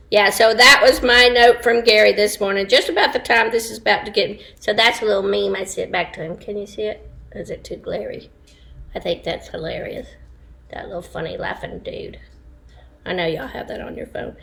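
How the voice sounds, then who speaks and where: A woman's voice: a little high, gravelly, pushed and bright. A woman chatting casually to online viewers from home, laughing often and wandering into asides. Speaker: livestream host. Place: home, indoors.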